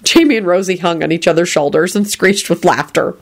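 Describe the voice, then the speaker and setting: A woman's voice: fairly low pitch, a little fast. A woman reading a story aloud, telling it expressively. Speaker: reader.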